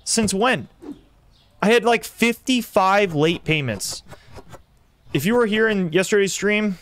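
Excitable young male game streamer. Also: high-pitched, a little slow. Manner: excitable, talks to chat while playing. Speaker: gaming streamer. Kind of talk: live gameplay commentary.

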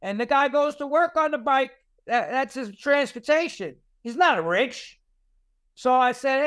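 A man tells street stories, swearing freely and acting out the fights. His voice sits high for a man and sounds smooth and clear. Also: measured pace. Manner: profane, animated street storyteller. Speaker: podcast guest. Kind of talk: casual storytelling.

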